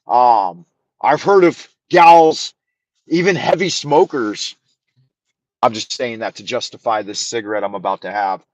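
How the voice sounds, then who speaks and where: A man's voice: medium pitch, a little slow, dry recording, low-quality recording. A man hosting a show, telling a rambling story in casual talk, profane and wry. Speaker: show host.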